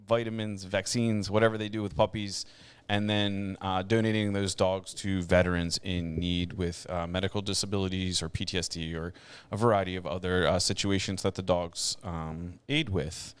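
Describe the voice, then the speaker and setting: A man hosting a podcast in casual chat, relaxed and rambling, with lots of fillers and frequent laughs. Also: sits low, normal speed, clean tone. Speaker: podcast host.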